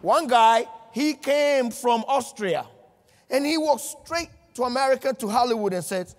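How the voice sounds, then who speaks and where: A man's voice: very high-pitched, animated, a little slow. A middle-aged man giving a humorous motivational keynote, telling stories and acting out the dialogue. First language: not English. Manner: storytelling with acted dialogue, humorous. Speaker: motivational speaker. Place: large event hall. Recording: reverberant large hall.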